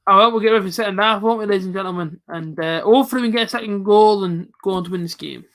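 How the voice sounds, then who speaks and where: Reacting live to football, this late-twenties host reads chat and replies to viewers by name in casual commentary. His voice sits high, racing along with a fairly bright tone.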